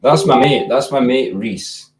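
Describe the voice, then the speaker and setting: A man's voice: mid-range voice, measured pace, a little hiss or hum. A man with a Scottish accent chatting casually as a livestream guest, laid-back and swearing freely. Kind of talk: casual chat.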